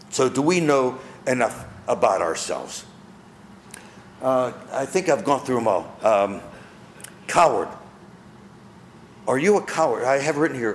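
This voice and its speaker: A man's voice: a little high, big pitch swings, measured pace, long pauses, a bit bright, roomy sound, a little hiss or hum. A man preaching a sermon as pastor, earnest, asking his listeners questions and repeating key phrases.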